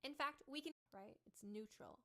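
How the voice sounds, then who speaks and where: Woman voice coach explaining clearly. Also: fairly high pitch, normal speed, a crowd in the background. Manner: explains step by step, checks in with "right?" and "okay?". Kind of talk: instructional voice tutorial.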